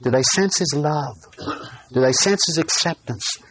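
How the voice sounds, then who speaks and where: A man preaching a sermon, telling a personal story in an earnest way and slowing down on key phrases. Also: a little high, a bit bright, slight background noise.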